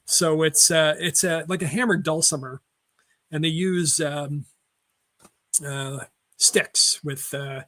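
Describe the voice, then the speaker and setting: A man's voice: on the high side, steady tone, slow, pauses often, bright, forceful tone. A man co-hosting a casual film chat show, rambling through trivia with many fillers and self-corrections. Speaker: podcast co-host.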